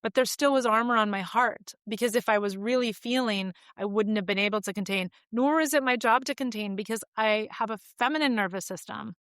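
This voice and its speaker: A woman's voice: a little high, fairly quick, hardly any pauses, a bit bright, no echo, studio quality. A woman in her forties, a podcast guest telling personal stories in a candid, reflective, conversational way with frequent fillers.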